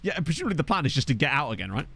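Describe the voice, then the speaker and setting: A man's voice: on the high side, sing-song, very fast, vocal fry, bright, forceful tone, faint music behind. A young man chatting casually while streaming a game, joking about viewers' names and reading the chat. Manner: jokey, riffing on viewers' names.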